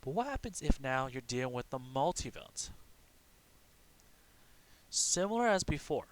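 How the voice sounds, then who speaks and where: A man's voice: mid-range voice, big pitch swings, moderate pace. A man teaching a recorded lesson, explaining step by step and asking and answering his own questions, often checking in with "okay". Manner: frequent "okay" check-ins.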